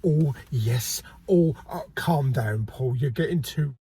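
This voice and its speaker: A man's voice: medium pitch, measured pace, noisy background. A man hosting a casual shopping vlog, cheeky and jokey, swearing casually. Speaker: video host. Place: car and multi-storey car park.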